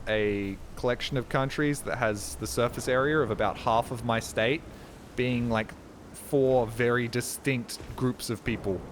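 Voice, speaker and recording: Young Australian male streamer, casual rambling chat, mid pitch. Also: a little hiss or hum. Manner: rambling, joking, chatting to viewers. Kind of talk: casual chat while gaming.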